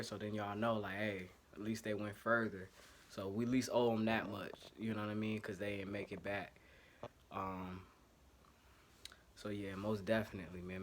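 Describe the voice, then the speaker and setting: A man's voice: on the low side, slight background noise. A man from Ohio with an Ohio accent, hosting casual one-take fan commentary in a loose, slangy way. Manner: loose, slangy, self-correcting and apologetic about technical trouble. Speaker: sports podcast host. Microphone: home setup, single take.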